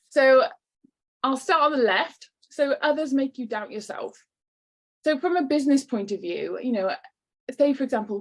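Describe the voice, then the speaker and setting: A woman giving an encouraging online workshop talk to business owners over a video call. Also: mid-range voice. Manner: encouraging, lightly acts out quoted voices.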